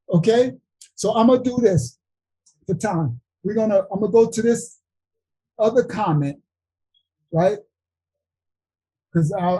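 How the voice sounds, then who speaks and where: Husky-voiced man preaching a Bible study. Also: high-pitched, low-quality recording. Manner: animated, emphatic preaching, talking straight to viewers. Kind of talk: livestream Bible study sermon.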